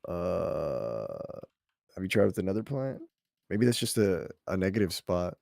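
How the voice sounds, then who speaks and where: A young man chatting casually as a podcast co-host, rambling and excitable, swearing often. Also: sits low, unhurried, gravelly, no room sound, studio quality. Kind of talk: casual chat.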